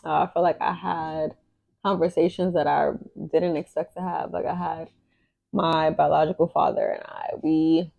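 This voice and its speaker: A woman's voice: low-pitched, flat delivery, normal speed, gravelly, dark tone, dry recording, low-quality recording. A young adult woman co-hosting a podcast, sharing candid, emotional, faith-filled stories in casual chat. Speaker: podcast co-host.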